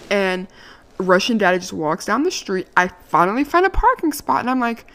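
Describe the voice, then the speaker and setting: A young adult woman telling a dating story in a casual, brash and profane way, her voice jumping higher when she gets indignant. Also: a little fast. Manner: lively, climbs high when indignant.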